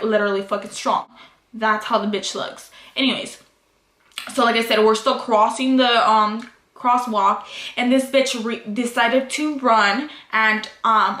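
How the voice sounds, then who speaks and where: A woman's voice: a little high, sharp tone. A woman vlogger telling a casual story, swearing constantly and switching into Spanish. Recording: echoey room.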